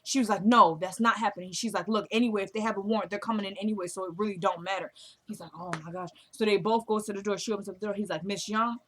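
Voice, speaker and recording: A woman's voice: mid-range voice, steady tone, rapid-fire, fairly bright tone, a little hiss or hum. Chatty woman acting out a TV recap. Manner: retells scenes by acting out the characters' lines. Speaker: TV recap vlogger. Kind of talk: casual episode recap.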